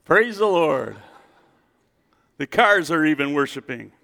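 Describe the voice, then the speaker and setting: A man preaches with animated energy, calling on his congregation to answer back. His voice is bright and somewhat high for a man, with a gravelly edge. It rings out through a church sanctuary with a long reverb tail. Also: slow. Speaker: pastor. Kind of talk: sermon.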